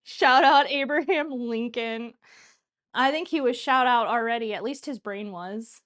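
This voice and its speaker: A cooking show streamer in her thirties talks a little slowly in a high-ish, fairly bright voice. Hosting her livestream, she chats loosely, wanders off topic, and laughs often.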